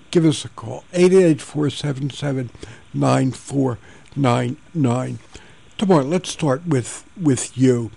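Gravelly-voiced older male radio host. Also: fairly high pitch. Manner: gentle storytelling. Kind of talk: radio talk show.

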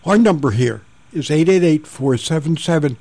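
An older man hosting a radio talk show, telling a personal story in a gentle, reflective way and introducing his guests. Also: a little high, expressive, moderate pace, no room sound.

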